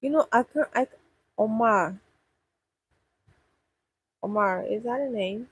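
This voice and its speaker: Woman with a very husky voice. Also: on the high side, takes it slowly, no room sound, low-quality recording. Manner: chatty, thinks aloud with restarts. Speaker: livestream host answering viewers. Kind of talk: casual live chat.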